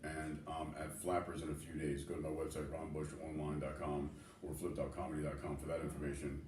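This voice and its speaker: A man who is a comedian, a guest on a talk show, energetic and salty-mouthed as he chats. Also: very deep voice, a little fast, slight background noise. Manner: energetic and swearing, running through tour plans. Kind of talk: casual interview chat. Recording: echoey room, voice from a distance.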